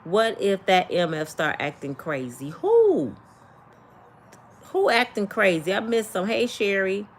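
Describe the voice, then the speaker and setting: An older woman, hosting a casual livestream and talking to her viewers with animated, preachy energy. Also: mid-range voice, a little slow, a little hiss or hum. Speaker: livestream host.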